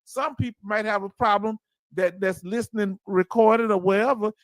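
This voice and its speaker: A man's voice: high voice, fairly even intonation, moderate pace, dry recording. An older man with a Southern US accent hosting a casual livestream, emphatically talking to viewers he calls family and reading their comments aloud. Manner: emphatic, preachy, chuckling, addresses viewers as family. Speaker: livestream host and veteran.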